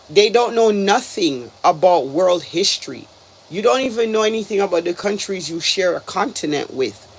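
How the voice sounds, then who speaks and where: A man from Canada talking casually as a reaction video host, exasperated and rambling, with lots of "like"s. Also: high-pitched. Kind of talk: casual commentary.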